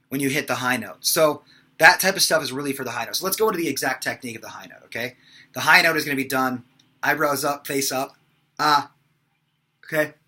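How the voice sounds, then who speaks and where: A man's voice: fairly high pitch, bright, forceful tone, breathy edge. A young man teaching singing casually, with lots of fillers between his examples. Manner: casual, talks with many fillers between demonstrations. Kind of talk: vocal lesson with sung examples.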